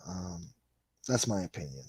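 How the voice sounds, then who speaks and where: A man's voice: deep voice, animated, measured pace, a little mellow, breathy edge, no room sound. A man hosting a livestream in a casual chat, reading viewer comments aloud in a laid-back, rambling way and swearing freely. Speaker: livestream host.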